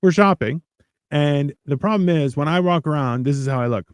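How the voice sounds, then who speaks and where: A man co-hosting a casual podcast, telling stories with acted-out voices and deadpan, crude humor. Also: on the high side, a little fast, clean tone, no room sound, studio quality. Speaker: podcast co-host. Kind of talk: casual chat.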